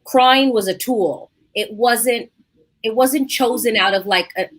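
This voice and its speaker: A woman hosting a podcast in casual conversation, animated and acting out her own past inner thoughts as she talks. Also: fairly high pitch, a little slow. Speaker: podcast host.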